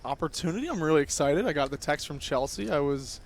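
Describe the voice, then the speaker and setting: A young man in his twenties, a guest on a poker stream, talking eagerly with many pauses and fillers. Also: a little high, lively intonation. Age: 20s. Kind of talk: casual interview chat.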